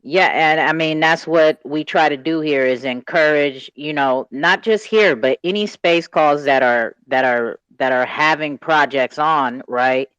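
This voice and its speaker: A man hosts an online call with a smooth, clear voice, pressing guests with pointed questions. The call audio is slightly dull and dry. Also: on the high side, unhurried, few pauses, a bit bright, no room sound. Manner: probing, direct, frequent "right?" tags. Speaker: host of a crypto community call.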